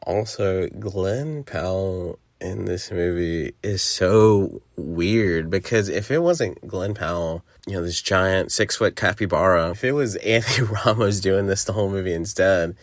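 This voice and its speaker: A young man with a low voice tears into a film in a casual, profanity-heavy podcast review. He laughs often and mocks characters with quick impressions. The sound is dry and close to the mic. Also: dry recording. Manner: blunt, swears a lot, laughs often, mocking impressions. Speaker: podcast host reviewing a movie.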